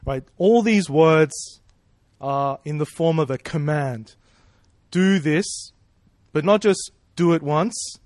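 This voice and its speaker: Slowly and in a slightly mellow, higher-leaning voice, a man delivers a casual, conversational sermon. He asks rhetorical questions and keeps checking in with "right?" and "you know". The recording is clean studio sound with no room sound.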